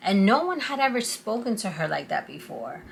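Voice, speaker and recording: A woman vlogger telling a personal story to the camera in a casual, animated and confiding way. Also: mid-range voice, moderate pace, vocal fry, a little hiss or hum. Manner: animated, confiding, acts out quotes.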